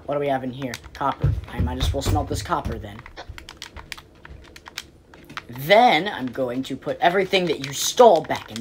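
Low-voiced woman ranting playfully while gaming. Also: slight background noise. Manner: playfully exasperated, rambling, quick pleading outbursts. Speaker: game player. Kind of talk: casual game commentary.

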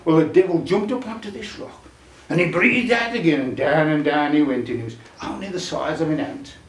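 A man's voice: on the high side, brisk, recorded from a distance. A man telling a comic folk tale to a folk club audience, chatty and full of dialect. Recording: roomy club sound from afar.

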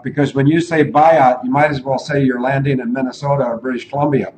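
A man hosts a casual talk show at an average pitch, wandering from point to point and thinking out loud between fillers. A faint hiss sits under his voice. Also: steady tone, fast, hardly any pauses, poor audio. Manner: rambling, digressive, thinks aloud. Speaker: show host.

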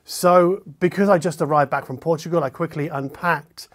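A man's voice: on the high side, moderate pace. A man hosting a hi-fi video, talking casually to camera from a room in his apartment, chatty and restarting his sentences as he goes. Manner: chatty, self-correcting with restarts. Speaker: hi-fi video host. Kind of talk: casual deadpan explainer to camera.

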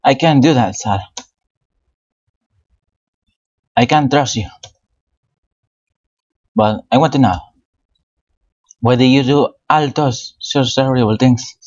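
A man's voice: mid-range voice, a little slow, long pauses, darkish tone, close to an everyday voice. A man reading a sorrowful young sea witch. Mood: pleading. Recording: dull, with game music behind.

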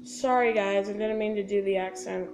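A woman's voice: mid-range voice, steady tone, moderate pace, darkish tone, faint music behind. A woman casually commenting on her gameplay, chatty and talking straight to her viewers with little sound-effect words. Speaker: gaming video host.

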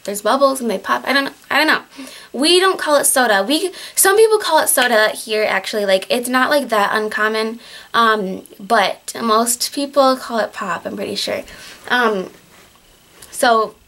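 A teenage girl with a Michigan accent talks straight to her viewers in a casual home vlog. Her voice sits high and bright, and she sounds exasperated and chatty. She leans on fillers and restarts her sentences. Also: normal speed. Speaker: vlogger on a group channel. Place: at home, in winter.

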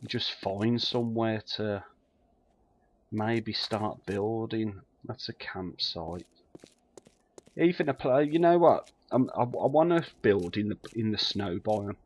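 A man's voice: fairly low pitch, slow pace, a little mellow, breathy edge. A man giving casual, muttering commentary while he plays a survival game, swearing freely. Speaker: let's play gamer.

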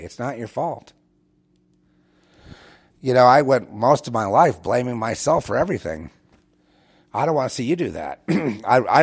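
The show host here is a man with a fairly low, slightly mellow voice. He lectures his listeners directly, wandering through a sermonizing monologue where he often starts over and says the same words twice.

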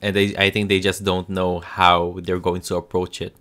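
A man's voice: low-pitched, little pitch movement, normal speed, sharp tone. A Filipino man with a Filipino accent giving a casual spoken review, hesitant and full of ums and restarts. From Philippines. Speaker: show reviewer.

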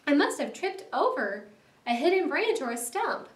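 A woman voicing a fussy, put-upon male mole with a high, whiny manner, read aloud for a class. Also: big pitch swings, normal speed, roomy sound, far from the mic. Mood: plaintive.

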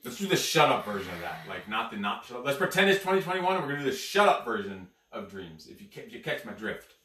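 A man co-hosting a motivational show, ranting bluntly with heavy swearing and sudden shouted bursts. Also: medium pitch, big pitch swings, fast talker, recorded from a distance. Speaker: podcast co-host, coach. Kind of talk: profane motivational rant. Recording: echoey room, off-mic.

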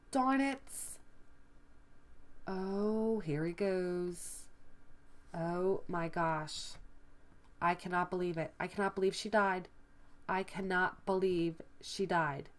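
A woman hosting a let's play video, excitably commenting on the game and exclaiming at surprises. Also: lowish voice, a little hiss or hum. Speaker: gaming video host.

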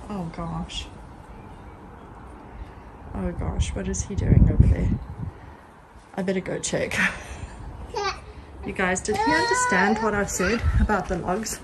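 A woman's voice: mid-range voice, animated, takes it slowly, pauses often. A woman vlogging casually in her garden on a handheld phone. She chats with viewers, giggles often and calls out to her dogs. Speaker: dog owner and vlogger. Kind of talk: casual vlog talk to viewers. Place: home garden outdoors. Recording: noisy outdoor phone recording.

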